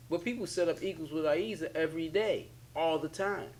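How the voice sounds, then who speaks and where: Man, spiritual teacher, a touch high-pitched, repetitive preachy delivery. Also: fairly quick, few pauses, slight background noise. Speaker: religious leader. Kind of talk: spiritual teaching in a sit-down talk.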